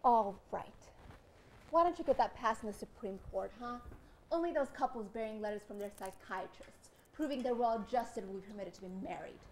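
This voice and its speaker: A young woman acting as an impulsive newlywed wife in a stage play, swinging between loud outbursts and hushed lines. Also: a little high, fairly quick, a little hiss or hum, lightly acted. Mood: heated. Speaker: wife Corie.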